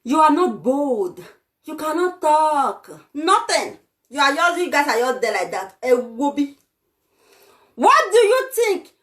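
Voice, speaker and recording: A woman's voice: high-pitched, very animated, unhurried, a bit bright. A young Nigerian woman with a Nigerian accent, delivering a heated, scolding vlog rant full of exclamations. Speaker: vlogger. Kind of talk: ranting vlog monologue.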